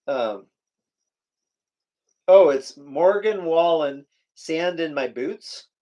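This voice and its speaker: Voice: medium pitch, expressive, drawn-out words, dark tone. A co-host from the US West Coast in a casual live chat from home, playful and joking. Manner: playful, jokey, reads lyrics aloud.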